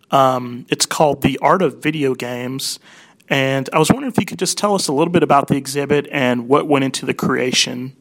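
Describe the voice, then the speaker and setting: A young man hosting a radio interview, talking enthusiastically with many ums and restarts. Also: mid-range voice. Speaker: radio show host.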